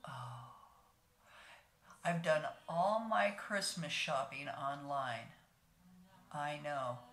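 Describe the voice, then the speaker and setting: An older woman in her sixties, talking through a makeup tutorial in a homey, chatty way and speaking to her viewers as friends. Her voice sits a little low. The room is echoey, and soft music plays faintly underneath. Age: 60s. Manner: homey, talks to viewers as ladies, narrates each step. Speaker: beauty vlogger.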